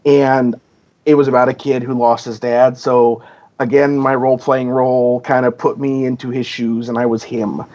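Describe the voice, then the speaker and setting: A man's voice: medium pitch, little pitch movement, normal speed, darkish tone. A man chatting as a podcast guest, rambling and filling his talk with "you know", acting out quoted dialogue. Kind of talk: casual podcast chat. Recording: dull lo-fi audio.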